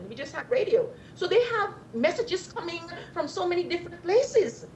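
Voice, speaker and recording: A middle-aged woman answering interview questions in an animated, storytelling way. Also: very high voice, normal speed, hardly any pauses, a little hiss or hum. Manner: animated, storytelling, acts out quoted voices. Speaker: interview guest. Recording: slightly dull lo-fi recording.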